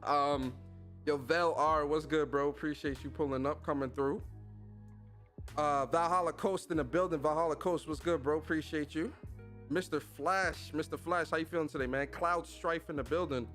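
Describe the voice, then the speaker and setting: Slangy, lively male podcast host. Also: fairly high pitch, moderate pace, soft background music. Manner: energetic, slangy shout-outs to chat. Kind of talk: casual livestream chat.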